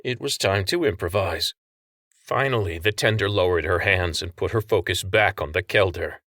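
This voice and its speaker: A man narrates a story in a steady, expressive reading voice. His low voice has a bright edge. The recording is dry with no room sound. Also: moderate pace, no room sound. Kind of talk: audiobook narration.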